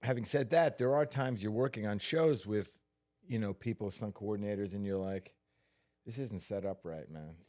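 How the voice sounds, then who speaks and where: Man, stuntman guest, low voice, unhurried storyteller, lots of fillers. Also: dark tone. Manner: unhurried, with many fillers and restarts. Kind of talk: relaxed storytelling interview.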